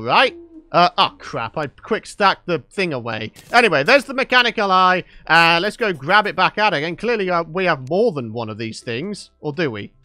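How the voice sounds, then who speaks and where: Excitable man, lively pitch. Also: clear, resonant tone, no echo. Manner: excitable, exclaiming and laughing often. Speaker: gaming YouTuber. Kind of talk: Let's Play commentary.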